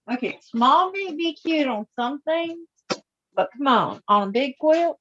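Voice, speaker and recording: A woman chatting with quilting friends on a video call, expressive and teasing. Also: high-pitched, unhurried, slight background noise. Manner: expressive, teasing, exclaims a lot. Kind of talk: casual chat. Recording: muffled video call audio.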